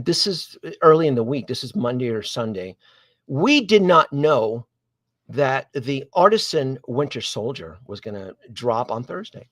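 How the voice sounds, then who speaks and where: A man's voice: mid-range voice, unhurried, dry recording. A man, hosting a live stream, telling a long story in a casual, rambling way with frequent restarts and asides to viewers. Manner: animated, digressive, many restarts and asides to viewers. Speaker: host of a collectibles live stream.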